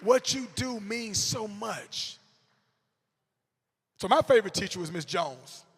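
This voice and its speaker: A man, telling comedic stories to educators in an animated way, with bursts of shouting and acted-out quotes. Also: high voice, slow, slightly rough, long reverb tail. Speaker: motivational comedic speaker. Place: large hall before a live audience.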